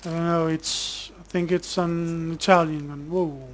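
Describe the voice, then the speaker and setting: A man commentating his own gameplay in a relaxed, casual way, bantering sarcastically with game characters and swearing when annoyed. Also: on the high side, measured pace, slight background noise. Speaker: gamer streamer.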